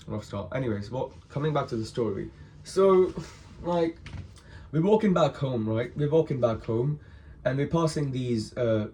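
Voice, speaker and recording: A hungover man tells a story straight to the camera, loose and animated, dropping swear words everywhere. His voice sits at an ordinary middle pitch, and he keeps jumping in to act out what other people said. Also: slight background noise. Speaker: vlogger telling a story. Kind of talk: casual storytelling monologue.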